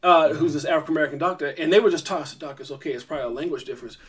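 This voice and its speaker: A middle-aged man hosts his own vlog and tells a story straight to camera. His voice sits a little high, and he rambles, doubles back and fills gaps with ums as he goes. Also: very fast. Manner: rambling, animated, many fillers and restarts. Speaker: vlog host.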